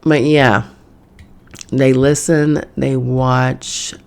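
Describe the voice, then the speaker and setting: A woman podcast host with a gravelly edge to her voice, speaking in a casual spiritual monologue. She talks bluntly and swears freely, like she's chatting with friends from her home. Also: rumbling low, little pitch movement, extremely slow. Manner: blunt, profane, conversational. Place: home in New York.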